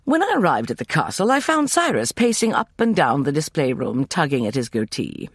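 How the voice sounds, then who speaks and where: A man narrating a first-person novel as an audiobook, reading in an expressive, animated way. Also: on the high side, a little fast, husky, no echo.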